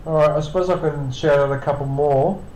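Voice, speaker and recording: A man's voice: on the high side, fairly even intonation, fairly quick, a little mellow, slight background noise. Tired rambling streamer guy in a roomy room. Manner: rambling, self-correcting, chatty. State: tired, yawning. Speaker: streamer host. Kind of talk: casual live-stream chat. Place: home apartment. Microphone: computer setup with webcam.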